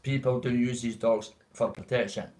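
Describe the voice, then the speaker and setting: A man's voice: mid-range voice, fairly even intonation, moderate pace, darkish tone, rough recording. Man, Dundee Scottish accent, livestream host, casual rambling chat, calls everyone mate. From Dundee, Scotland.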